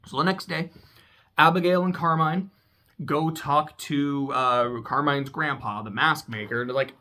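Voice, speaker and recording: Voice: mid-range voice, steady tone, unhurried, sharp tone. A YouTuber casually recapping a game story, laid-back, with swearing and laughing asides.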